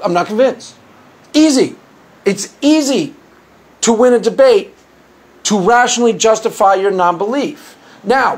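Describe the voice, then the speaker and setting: A very high-pitched, slightly bright male voice belongs to a Christian apologist hosting his own video. Speaking to camera, he argues his case in a sarcastic, combative monologue, mocking opposing views and often repeating or restarting phrases.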